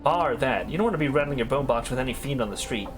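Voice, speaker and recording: A man's voice: mid-range voice, animated, fast talker, close to an everyday voice. Man reading a cheeky street-slang sidekick, everyday voice, video game. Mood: warning.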